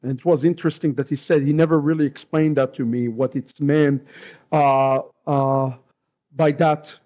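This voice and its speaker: A middle-aged man with an Israeli accent, a rabbi giving a lively personal testimony and acting out remembered dialogue. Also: a little high, normal speed, muffled recording. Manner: lively storyteller who acts out remembered dialogue.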